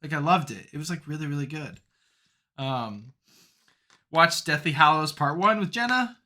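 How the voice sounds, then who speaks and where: A young man co-hosting a podcast, chatting casually and telling stories with lots of "like" and "um", animated as he gets into them. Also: a little high, moderate pace. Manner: rambling, filler-heavy, animated storytelling. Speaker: podcast co-host. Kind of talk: casual chat.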